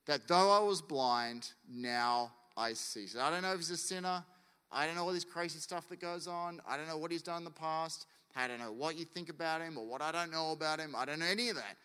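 A man's voice: on the high side, fast talker, bright, forceful tone, smooth, in a large hall. A man preaching a sermon as pastor, in a casual, conversational way that acts out quotes.

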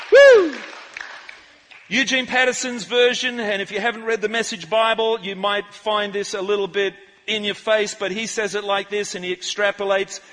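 A man preaching with a high, bright and ringing voice. He jumps between playful asides and loud calls to the crowd, and his words echo around a large church hall. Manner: animated, jokey, shouts out to the crowd. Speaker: pastor. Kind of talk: lively church sermon. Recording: live sermon in a reverberant church hall.

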